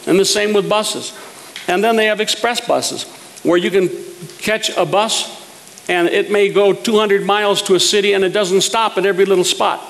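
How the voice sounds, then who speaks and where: A man preaches in a folksy, storytelling way, chuckling now and then at his own jokes. His voice sits high and has a gravelly edge. The sound carries a long reverb from a large hall, with a faint hiss underneath. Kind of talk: sermon with humorous stories.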